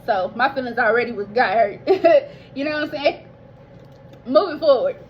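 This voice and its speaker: Young woman vlogger, fairly high-pitched, telling her story in a loose, emotional, near-tearful way; slightly muffled recording. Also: lively intonation, normal speed, slight background noise. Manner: rambling, heartfelt, addresses listeners as y'all, swears casually. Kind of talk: casual personal storytelling.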